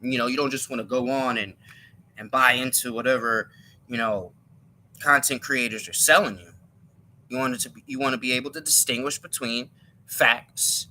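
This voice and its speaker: A man's voice: medium pitch, steady tone, moderate pace, pushed and bright, a little hiss or hum. A man giving an emphatic opinion monologue on his live stream, often repeating and restarting his words.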